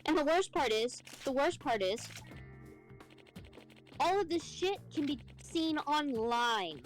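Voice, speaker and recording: A woman's voice: sits high, lively intonation, takes it slowly, faint music behind, poor audio. A young woman in casual chat, ranting and swearing as she tells stories about her job. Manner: profane ranting storyteller, swears often. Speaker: streamer co-host.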